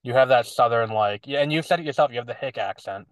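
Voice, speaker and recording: A man's voice: medium pitch, fast talker, no room sound, poor audio. A man with a slight lisp co-hosting a podcast, rambling and restarting his sentences in casual chat. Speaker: podcast co-host.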